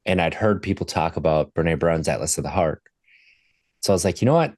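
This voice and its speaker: A man talking as a podcast guest, telling a candid personal story in a reflective, halting way with restarts. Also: a bass voice, fairly even intonation, a little mellow, dry recording, clean studio sound.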